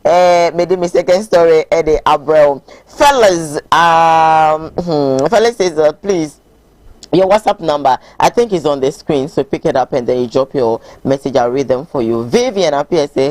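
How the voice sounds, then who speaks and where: A woman's voice: low voice, normal speed, a little mellow, dry recording. Female host, Ghanaian accent, loose and chatty, reads viewer messages aloud. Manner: laughs freely, mixes languages. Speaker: talk show host. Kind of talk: casual chat, reading viewer messages.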